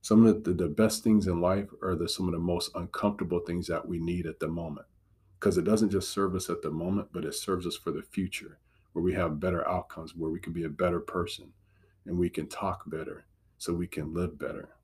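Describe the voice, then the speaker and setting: Low husky earnest Christian speaker, man. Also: fairly even intonation, brisk, a little mellow. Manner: earnest, encouraging, emphatic repetition. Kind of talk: devotional teaching talk.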